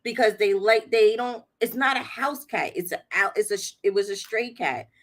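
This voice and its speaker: Hosting a livestream, this woman speaks in a mid-range voice at a moderate pace. Her storytelling is relaxed and talkative, full of laughter and acted-out quotes.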